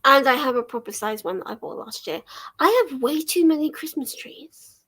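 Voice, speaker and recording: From her living room, a young woman runs a relaxed livestream, answering chat out loud, laughing a lot and swearing a little. Her voice sits high and a bit bright, with lively intonation at a normal speed.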